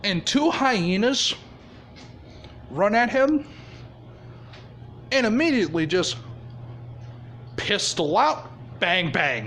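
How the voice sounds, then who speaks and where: A man's voice: sits high, sing-song, slow pace, long pauses, a bit bright, slight background noise. A man casually improvising a fan-fiction story, swearing freely and chuckling.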